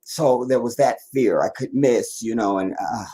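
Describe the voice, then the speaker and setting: A mid-range, warm male voice comes through with slight background noise at a measured pace. He's a tired livestream host from the Washington DC area whose casual chat wanders through restarts and asides.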